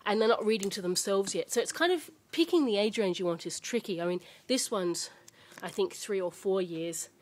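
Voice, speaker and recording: Mid-pitched woman, chatty home vlog to camera, rambling delivery with restarts. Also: normal speed, hardly any pauses, darkish tone. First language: English. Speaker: parent showing children's books. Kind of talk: casual show-and-tell chat. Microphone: camera mic.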